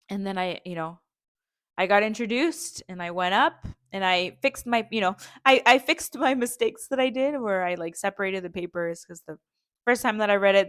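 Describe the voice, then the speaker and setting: A woman's voice: medium pitch, fairly bright tone, clear, resonant tone, dry recording, clean studio sound. A young woman hosting her own podcast, telling a personal story in a chatty way, full of fillers, and acting out what people said. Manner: chatty, many fillers, acts out quoted talk. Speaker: podcast host.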